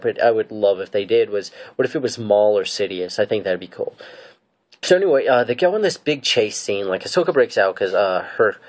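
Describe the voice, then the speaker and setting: A fan reviewer with a slightly mellow voice on the low side recaps episodes and weighs in on them. His casual commentary rambles, hesitant and full of fillers and restarts.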